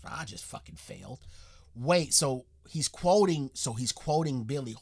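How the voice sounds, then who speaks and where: An excitable man hosting a reaction video, chatting in slang at an ordinary pitch. He rambles, restarts, swears freely and bursts out loudly when something surprises him. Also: moderate pace. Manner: excitable, profane, jumps into loud outbursts. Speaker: reaction channel host. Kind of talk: casual reaction commentary.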